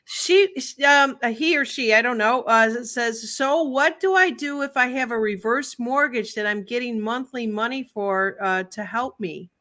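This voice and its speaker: A woman hosts a casual chat, reading viewer questions and restarting her sentences. Her voice sits a little high and sounds bright. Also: measured pace, hardly any pauses. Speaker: host. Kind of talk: casual interview talk.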